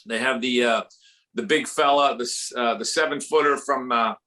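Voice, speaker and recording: A man with a Philadelphia accent doing a rambling, jokey comedy set at a fundraiser and dropping into quick impressions. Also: medium pitch, sharp tone.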